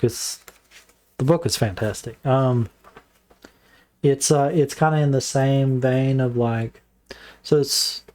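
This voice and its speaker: Man, casual book reviewer, talks in a halting way with many fillers, mid-pitched voice. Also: a little mellow.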